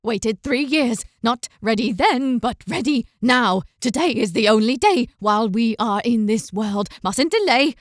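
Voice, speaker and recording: A woman's voice: fairly high pitch, expressive, unhurried, hardly any pauses, no echo, clean studio sound. A woman voicing a gaunt, half-mad old man in a fantasy audiobook, who talks in clipped, broken mutters. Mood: manic. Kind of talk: audiobook character voice.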